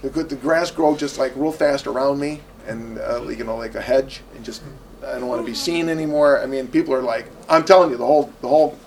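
A man preaching to a congregation, telling a personal story and acting out the conversation in other voices. His voice is middle-pitched, and the mic sits a little way off with faint noise behind him. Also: brisk, gravelly, recorded from a distance. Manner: storytelling, acts out both sides of conversations, asks the audience questions. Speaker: preacher teaching evangelism. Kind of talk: sermon with acted-out anecdotes.

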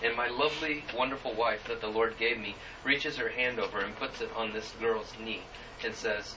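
A man preaching a sermon, reading scripture and telling a personal story in an earnest, halting way with many fillers. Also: lowish voice, fairly even intonation, background noise. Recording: muffled, distant church recording.

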